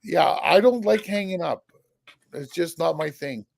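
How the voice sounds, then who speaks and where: A man from Quebec with a gravelly, slightly high voice chats on a livestream. He jokes in a dry, deadpan way. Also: measured pace. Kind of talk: casual chat.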